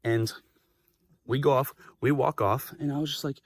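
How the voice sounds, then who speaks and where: A young man telling a story in a casual vlog, animated and swearing freely as he acts out the quoted voices. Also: medium pitch, normal speed, no echo. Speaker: vlogger. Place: living in Japan.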